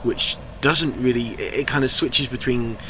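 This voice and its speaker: A man's voice: medium pitch, moderate pace, sharp tone. Man rambling through a film review. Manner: rambling, frank critique with loose wandering sentences. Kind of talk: casual spoken film review. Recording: slightly dull recording with faint hiss.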